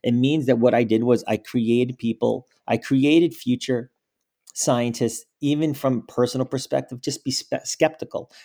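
A man's voice: medium pitch, measured pace, creaky. A man in his forties, a school director, telling stories in a podcast interview and acting out what people said. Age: 40s. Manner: animated storyteller, acts out quotes.

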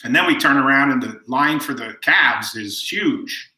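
Bright-voiced man telling stories in an echoey room. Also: mid-range voice, expressive, measured pace. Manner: warm anecdotal storyteller, quotes people. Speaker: guest. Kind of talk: storytelling interview.

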